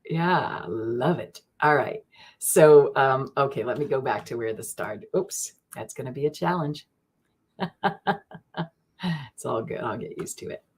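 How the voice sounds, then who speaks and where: A woman runs a live psychic reading, greeting viewers by name and chatting with bubbly excitement. Her voice sits low and a little husky. Now and then she slows into solemn, measured invocations. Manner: slow solemn invocation prayers. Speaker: online psychic reader. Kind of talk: live-stream divination chat.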